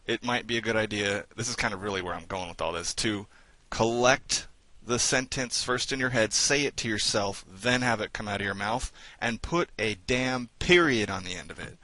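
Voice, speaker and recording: An American man in a casual group discussion, telling a personal story quickly and giving direct advice. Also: fairly low pitch, sharp tone, no echo, rough recording. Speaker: participant sharing advice.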